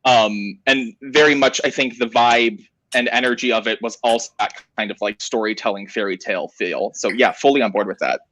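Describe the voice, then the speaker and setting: A chatty man talks through a book over a video call, animated and full of "like"s. His voice sits at a middle pitch. The sound is dry and close, with no room around it. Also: fairly quick, hardly any pauses, no room sound, low-quality recording. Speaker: book club panelist. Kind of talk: casual book discussion.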